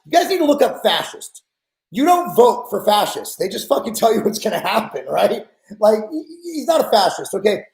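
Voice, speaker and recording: Podcast host, man in his forties, high-pitched, blunt exasperated rant, echoey room. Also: very animated, brisk, gravelly, darkish tone. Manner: blunt, profane, exasperated ranting.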